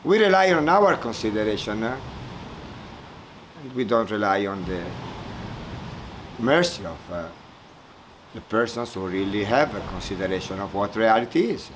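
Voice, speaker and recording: A man giving a spiritual talk at a retreat, telling a folk story slowly and haltingly, searching for words and chuckling as he goes. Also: fairly low pitch, expressive, background noise. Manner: halting, searching for words, many fillers and repeats. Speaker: spiritual teacher speaking at a retreat.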